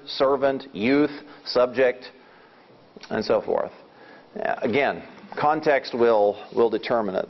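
A man leads a casual Bible study at a middle pitch, unpacking ideas as he goes and often backing up to restart a sentence. The recording is dull and muffled, with a lo-fi sound. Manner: explanatory, thinking aloud with frequent restarts. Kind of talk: informal Bible lesson.

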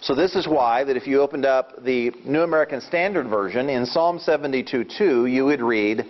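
A man's voice: medium pitch, lively intonation, normal speed. A man giving an informal Bible lesson, explaining his points step by step and thinking aloud, often restarting his sentences. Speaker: Bible study teacher. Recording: dull lo-fi recording.

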